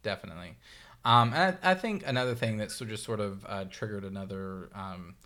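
A man's voice: fairly low pitch, fairly quick, bright, forceful tone. A man co-hosting a podcast in casual chat, rambling and searching for his words. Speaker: podcast co-host.

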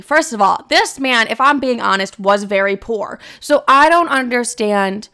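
A woman's voice: on the high side, expressive, a little slow, hardly any pauses, pushed and bright, clean tone. A young woman from Chicago hosting a podcast, chatting casually and swearing a lot, with many "like" fillers. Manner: chatty, profane, lots of "like" fillers. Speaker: podcast host. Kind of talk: casual chat.

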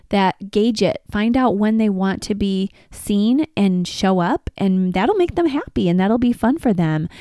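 A woman's voice: mid-range voice, dark tone, no echo, studio quality. A middle-aged woman hosting a casual advice podcast, talking in an upbeat, encouraging and chatty way. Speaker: podcast host.

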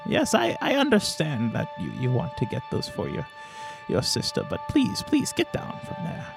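A man voicing a senile, ancient old man who rambles in a wavering high voice. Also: wildly swooping pitch, moderate pace, creaky, over music, heavily acted. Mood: distressed.

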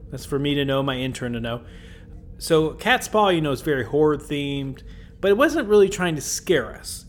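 A man's voice: mid-range voice, a little hiss or hum. Chatty man recapping with a laugh. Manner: chatty, laughing, puts on silly character voices. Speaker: podcast host. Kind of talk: casual episode recap.

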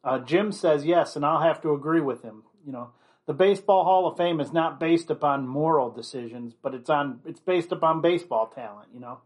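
A man's voice: on the high side, a little fast. A man giving an opinionated commentary monologue, blunt and rambling, leaning on constant "you know" fillers.

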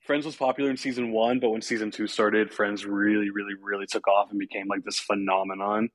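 A man's voice: lowish voice, level tone, a little fast, dry recording. A man hosting a podcast, casually recapping a horror film with fillers and chuckles. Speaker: podcast host.

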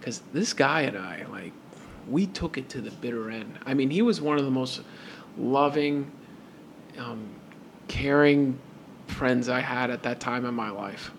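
A man co-hosting a podcast, telling a story in a casual, animated way and acting out both sides of the conversation. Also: mid-range voice, unhurried, slight background noise. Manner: animated retelling with repeated "and I'm like". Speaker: podcast co-host.

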